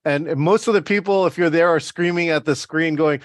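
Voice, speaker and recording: A man in casual conversation, excitable and tripping over his words. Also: on the high side, a little fast, no room sound, studio quality. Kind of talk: casual chat.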